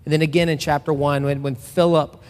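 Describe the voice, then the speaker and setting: A man's voice: on the high side, flat delivery, brisk, darkish tone, a little hiss or hum. A man in his thirties preaching a casual, conversational sermon to a church. He talks loosely and personally, with frequent restarts and fillers. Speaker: pastor. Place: church sanctuary. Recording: long reverb in a large hall.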